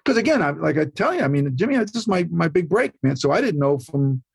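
Gravelly older New York man telling stories. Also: fairly high pitch, big pitch swings, fast talker. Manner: rambling anecdotes full of restarts. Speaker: guest actor. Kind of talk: casual storytelling chat.

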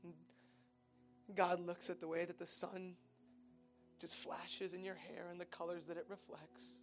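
Tender, gravelly-voiced pastor over soft music. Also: male voice, high voice, level tone, a little slow. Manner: tender, pleading, often drops soft and quiet. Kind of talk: sermon.

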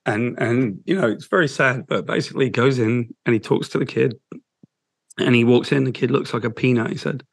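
A man, a guest in an interview, telling an emotional story in a halting, heartfelt way. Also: medium pitch, vocal fry, husky, no echo. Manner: halting, with restarts, soft and heartfelt.

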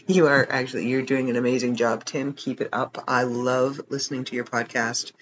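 A man's voice: mid-range voice, normal speed, fairly bright tone, lo-fi sound, slight background noise. A man hosting a podcast late at night, tired and rambling, chatting casually with self-deprecating jokes and frequent chuckles. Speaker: podcast host. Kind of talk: casual chat.

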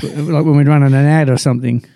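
A man, co-hosting a casual beer podcast with quick joking banter. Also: on the high side, fairly even intonation, warm tone. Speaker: podcast co-host. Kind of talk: casual chat.

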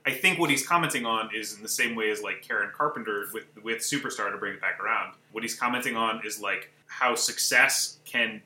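A man appearing as a guest on a film podcast, talking haltingly and leaning on "like" while he searches for words. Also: on the low side, sharp tone. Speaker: guest writer. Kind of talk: casual film discussion. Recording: echoey room.

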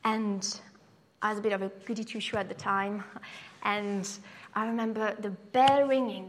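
A young woman preaching, telling a personal story in an animated way and acting out voices. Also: moderate pace, long reverb tail, slight background noise. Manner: animated storyteller, acts out voices with sudden high pitch.

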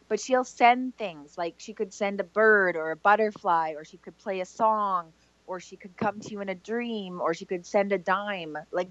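A Canadian woman, a psychic medium on a call-in show, gently passing on messages in quoted words. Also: mid-range voice, no room sound, lo-fi sound. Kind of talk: call-in radio reading.

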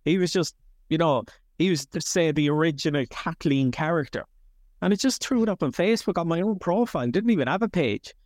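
An Irish man in his thirties, a comedian chatting as an interview guest in a rambling, animated way that swears freely. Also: on the high side, fairly quick, no room sound, clean studio sound. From Ireland. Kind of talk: casual interview chat.

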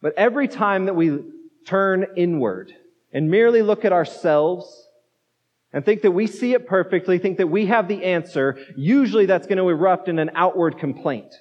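A pastor with a high voice preaches a sermon in a church sanctuary, using a conversational style sprinkled with rhetorical questions. The recording sounds dull and lo-fi, with long reverb.

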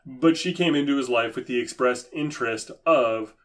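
A man's voice: medium pitch, normal speed. A man giving impassioned religious commentary, sarcastic and emphatic in a preachy manner. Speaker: Christian commentator.

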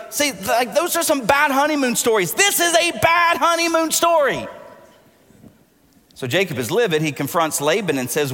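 A man in his forties preaching in a large church, his high, bright voice ringing with long reverb. He tells animated, jokey stories and acts out the dialogue in them. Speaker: pastor. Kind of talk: sermon with personal storytelling.

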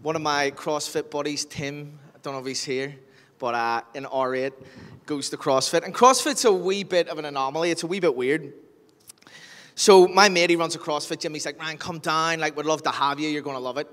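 Speaking a little high and a little fast, a Northern Irish pastor delivers a sermon with his native accent, spinning jokey anecdotes and acting out the scenes with animated flair. Long hall reverb fills the recording.

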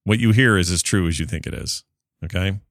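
A man hosting a podcast, chatting casually with an excitable, joking manner. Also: low-pitched, fairly quick, dry recording, clean studio sound. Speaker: podcast host.

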